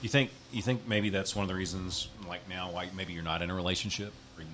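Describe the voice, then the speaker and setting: A man's voice: low voice, steady tone, fast, a bit bright, a little hiss or hum. A man hosting a casual interview, chatty and joking, with lots of fillers. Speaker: podcast host.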